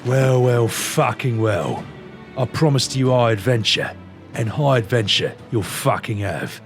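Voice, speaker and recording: A man doing a gruff, swaggering sky pirate captain. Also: medium pitch, expressive, measured pace, faint music behind, voice pushed down. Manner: swaggering, swears freely, rough slang.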